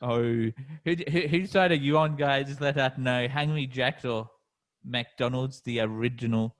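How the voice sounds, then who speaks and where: A man with an Australian accent, co-hosting a podcast in easygoing, halting casual chat. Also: medium pitch. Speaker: podcast co-host.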